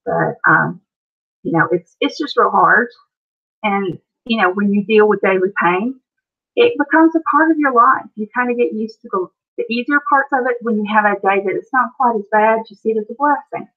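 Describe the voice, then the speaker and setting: An Appalachian American woman with a medium-pitched voice and moderate pace hosts a casual live stream, chatting away and reading out viewer comments. The home audio sounds slightly muffled.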